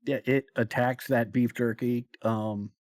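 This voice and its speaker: A man narrating a tabletop role-playing game as game master, slow and hesitant with many pauses and fillers. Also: mid-range voice, steady tone, darkish tone, no room sound, studio quality.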